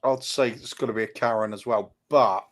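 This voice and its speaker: A man's voice: on the low side, fairly even intonation, brisk. A British man with a British accent chatting casually on a podcast in a laid-back, slangy way. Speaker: podcast co-host. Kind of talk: casual chat.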